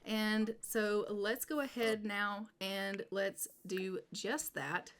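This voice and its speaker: A woman narrating her video game session in a casual, upbeat way. She keeps a middle pitch and falls back on friendly, repetitive phrasing as she explains each step. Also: steady tone, slow pace, fairly bright tone, a little hiss or hum. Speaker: gameplay video creator.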